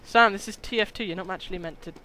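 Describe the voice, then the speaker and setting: A teenage boy chattering and joking excitedly while playing a shooter game online. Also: high-pitched, fast, a little hiss or hum. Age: teens. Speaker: gamer. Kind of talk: casual gameplay commentary.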